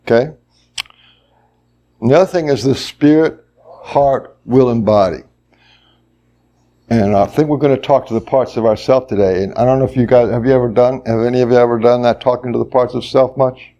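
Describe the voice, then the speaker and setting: Mellow-voiced man leading a workshop. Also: medium pitch. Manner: explains slowly, then acts out voices. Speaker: workshop leader. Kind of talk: workshop teaching. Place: workshop room.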